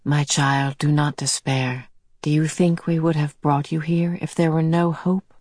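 A woman voicing a kindly, motherly otherworldly woman who gently reassures and explains. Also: low voice, little pitch movement, measured pace, husky, no room sound, clean studio sound. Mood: reassuring.

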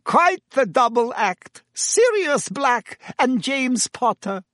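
A man voicing a chatty female innkeeper, high and lively. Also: takes it slowly, dry recording, clean studio sound, full character voice. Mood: curious. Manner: chatty, gossipy. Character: curious middle-aged female innkeeper.

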